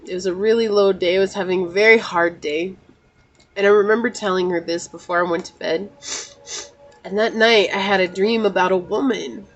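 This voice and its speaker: A woman's voice: medium pitch, fairly even intonation, fairly quick, muffled recording. Emotional woman sharing a heartfelt talk. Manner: earnest, repeats phrases, often says "you know". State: emotional, near tears. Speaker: tarot channel host. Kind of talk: personal heartfelt talk to viewers.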